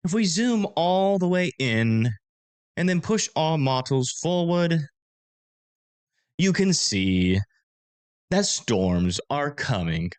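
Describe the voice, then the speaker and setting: A man voicing a stiff, uptight British TV weather anchor with a slow, stagey newsreader delivery, in a put-on British accent. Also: a little high, very animated, smooth, pitched above the performer's own voice. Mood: pompous.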